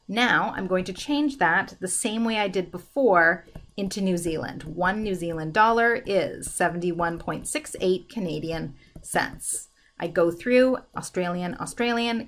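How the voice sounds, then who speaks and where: A woman teacher talking through a currency conversion problem step by step in a recorded math lesson. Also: lowish voice. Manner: methodical, talks through each step aloud.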